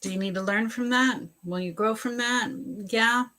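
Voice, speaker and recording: A woman's voice: fairly high pitch, moderate pace, pushed and bright. A woman doing a live psychic reading, chatting casually with viewers, greeting them by name and restarting her sentences often. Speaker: psychic reader on a livestream.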